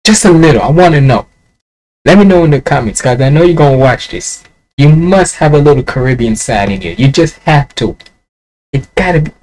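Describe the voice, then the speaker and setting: A man's voice: on the high side, lively intonation, fairly quick, a little mellow, rough recording. A man with a Jamaican accent hosting a casual music reaction video, rambling and musing aloud.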